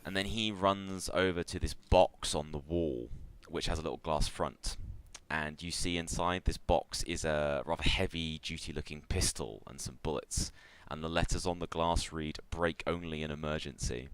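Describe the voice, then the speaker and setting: A man with an extremely deep, smooth, resonant voice running a tabletop game as game master. He narrates in a relaxed, loose way and often pauses with fillers. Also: no echo.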